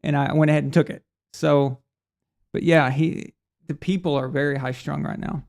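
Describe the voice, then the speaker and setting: Gravelly, casual sports stream host. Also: male voice, a little high, steady tone, moderate pace, a little mellow. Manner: casual, rambling storyteller with restarts; acts out voices in quoted speech. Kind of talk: live stream chat reading super chats.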